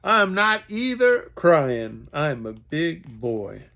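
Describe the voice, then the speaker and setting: Storybook kid: a man doing a bossy, proud little boy, high and chirpy, lively ups and downs, unhurried. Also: creaky, full character voice. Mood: indignant. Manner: high chirpy childlike voice, emphatic.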